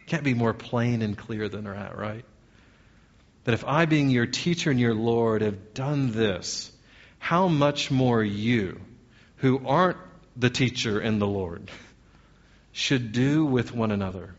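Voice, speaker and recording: Pastor, male, earnest and questioning, mid-pitched voice, slightly dull recording. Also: takes it slowly. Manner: earnest, asks the congregation many questions. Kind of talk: sermon.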